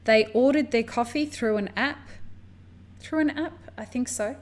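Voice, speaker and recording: A woman from the US hosting a podcast, telling stories in a lively, chatty way. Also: a little high, a little slow. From United States. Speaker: podcast host. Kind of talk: casual conversation.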